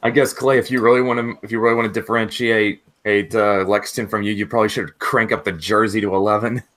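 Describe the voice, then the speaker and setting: A man's voice: fairly low pitch, flat delivery, quick pace, fairly bright tone. A man running a tabletop role-playing game as game master, laid-back and casual, laughing often. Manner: laid-back, laughs often, says "all right" a lot.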